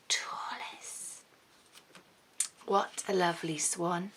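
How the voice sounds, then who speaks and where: Slow, bright, lively woman reading to toddlers. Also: fairly high pitch, gravelly. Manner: gasping, hushed whispers and excited cheering; sing-song, coaxing questions to young children. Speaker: children's storyteller host. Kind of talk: reading a picture book and leading movement games for preschoolers.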